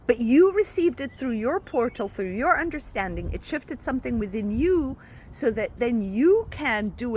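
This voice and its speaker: Woman, spiritual coach, casual talk to viewers, chatty, very animated pitch. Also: slight background noise. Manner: expressive, chatty, often asks "right?".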